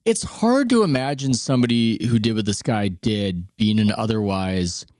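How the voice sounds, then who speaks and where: Deep-voiced man talking things through. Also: lively intonation, a little mellow, no room sound, studio quality. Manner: measured, thinks aloud and questions things. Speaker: podcast host. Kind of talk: casual conversation.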